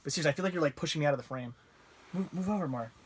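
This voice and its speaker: A man's voice: fairly high pitch, rapid-fire. A man hosting a casual movie livestream, rambling enthusiastically from a couch. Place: living room couch.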